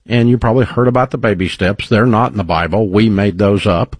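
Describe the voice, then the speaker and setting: This radio host's voice is on the low side and fairly quick, in a dry studio-mic recording. He runs a call-in advice program, offering warm, folksy, faith-rooted encouragement.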